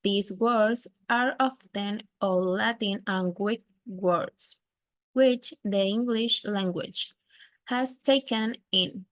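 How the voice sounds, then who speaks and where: A woman, a student, reading a text aloud carefully and haltingly, with small slips. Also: medium pitch, dry recording.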